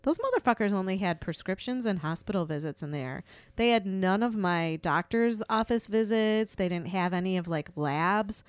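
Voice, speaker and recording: Woman, casual podcast co-host; smooth voice, dry close sound, lively swearing storyteller. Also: mid-range voice, moderate pace, dry recording. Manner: chatty, swears freely, animated storytelling. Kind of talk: casual chat.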